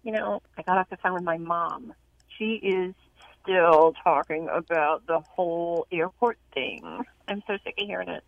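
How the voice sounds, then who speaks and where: A woman's voice: on the low side, moderate pace, vocal fry, dry recording, muffled recording. A woman calling in to a radio show, coaxing and teasing her boyfriend on the phone. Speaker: caller pranking her boyfriend.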